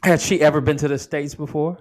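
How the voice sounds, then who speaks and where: A man's voice: a little high, fairly even intonation, brisk, a little mellow. A man hosting a podcast, chiming in with short reactions and questions. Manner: brief listening responses and quips. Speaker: podcast host. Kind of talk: casual chat.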